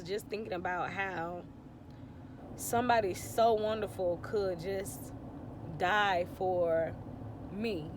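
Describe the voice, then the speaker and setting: Brief: tearful woman in her 30s, heartfelt rambling testimony, phone mic in a car, faint traffic behind. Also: medium pitch. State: teary, on the verge of crying. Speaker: vlogger. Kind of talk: emotional faith testimony to viewers.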